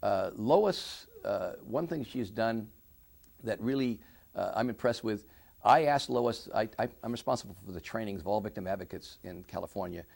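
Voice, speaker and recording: Gravelly low-voiced man, earnest interviewee. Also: animated, a little mellow. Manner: earnest, halting with frequent restarts. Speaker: interviewee, victim services director. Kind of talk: oral history interview.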